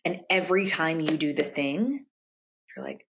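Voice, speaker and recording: A young adult woman, a coach guest on a podcast, explaining in casual conversation and acting out quoted remarks with sudden jumps in pitch. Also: normal speed. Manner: animated, acts out quoted lines in a raised pitch. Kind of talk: conversational interview answers.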